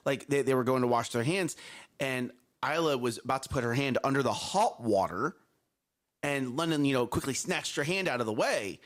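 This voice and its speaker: A man co-hosting a morning show, chatting casually and telling lively stories about his young daughters, acting out their voices. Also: medium pitch, normal speed. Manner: animated storyteller, playful voices for his kids. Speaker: co-host.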